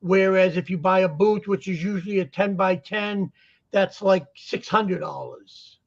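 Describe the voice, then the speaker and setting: A man with a Boston accent chatting casually on a talk show, telling stories and jokes in an animated way. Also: high voice, measured pace, gravelly, highs cut off. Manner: joking, animated storyteller. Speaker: guest vendor. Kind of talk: casual chat. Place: lives in Florida.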